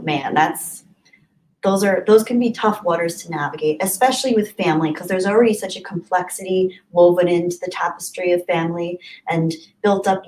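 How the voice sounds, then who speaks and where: A woman's voice: lowish voice, darkish tone, poor audio. A young adult woman hosting a casual livestream, chatting and giggling as she answers viewers' comments by name. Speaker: livestream host.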